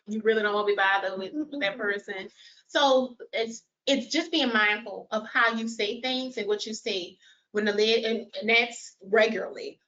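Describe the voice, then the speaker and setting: A woman presenting a caregiver training workshop, explaining concepts and asking the audience questions. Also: fairly high pitch. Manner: animated, quizzes audience with show of hands. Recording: dull lo-fi sound.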